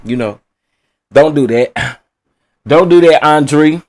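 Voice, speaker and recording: Man, live-stream commentary, playful, laughs a lot, fairly high voice. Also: slow pace, long pauses. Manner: playful, laughs often, calls viewers baby and y'all. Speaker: online trial commentator.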